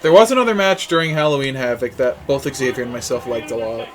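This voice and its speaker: A man's voice: medium pitch, quick pace. A man co-hosting a podcast, laid-back and self-deprecating, laughing often as he chats while watching. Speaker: podcast co-host. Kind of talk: casual watch-along chat.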